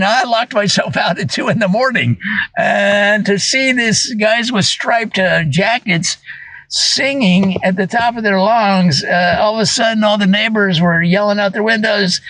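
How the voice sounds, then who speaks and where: A man delivering a deadpan comic monologue in an earnest, mock-serious way, talking straight to viewers with small fillers. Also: high voice, no room sound, low-quality recording. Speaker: comedian doing a mock review video.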